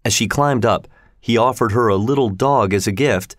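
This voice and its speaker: A man narrating a storybook in a slow, measured reading style. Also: medium pitch, no echo, clean studio sound.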